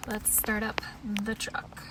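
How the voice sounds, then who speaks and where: A woman's voice: takes it slowly, whispered. A woman talking viewers through a repair in her pickup truck in a casual how-to vlog, chatty and emotional. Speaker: DIY vlogger.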